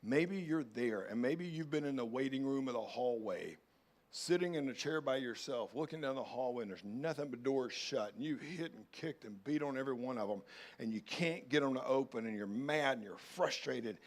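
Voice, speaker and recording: A man preaching from the pulpit in a middle-pitched voice. He drops to near-whispered, tender appeals, then climbs into loud, fervent calls before easing back down. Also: moderate pace. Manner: swings from hushed pleading to loud urgent calls. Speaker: pastor. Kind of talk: sermon.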